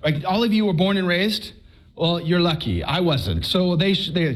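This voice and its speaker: A middle-aged man from Texas, giving an animated personal testimony to a live audience, joking at times and earnest at others. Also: high voice, moderate pace. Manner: lively, joking, then earnest and preachy.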